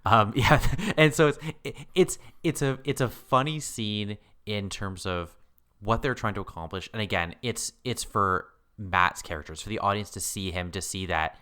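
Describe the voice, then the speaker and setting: A man co-hosting a podcast, chatting casually about a TV episode, animated and laughing often. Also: fairly low pitch, normal speed, smooth. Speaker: podcast co-host. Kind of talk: casual chat about a TV show.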